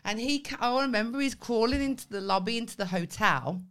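On a laid-back podcast, this co-host speaks fairly quickly in a voice on the high side, cursing freely as she tells an outrageous story. She's a lively storyteller who laughs while doing the characters' voices.

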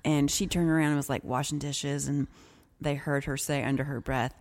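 Low-voiced, blunt podcast co-host woman. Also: steady tone, normal speed, a little mellow. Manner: blunt, frank, laughs easily. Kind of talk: casual chat.

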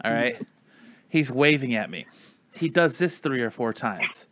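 A man's voice: medium pitch, expressive, measured pace, fairly bright tone. A man in casual chat with friends, telling a long story in a rambling way, full of "like" and acted-out quotes.

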